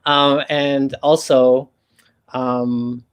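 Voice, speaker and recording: Host: man with a mid-pitched voice, casual and easygoing, talks with fillers and tag questions. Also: flat delivery, drawn-out words, clean tone. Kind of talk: casual interview.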